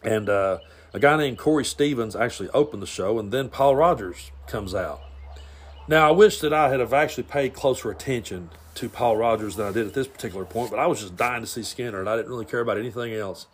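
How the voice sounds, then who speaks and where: A man's voice: medium pitch, quick pace, breathy edge. A man hosting a podcast and telling a long personal story in a blunt, rambling way, often stumbling and repeating words. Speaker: podcast host. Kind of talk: casual storytelling monologue.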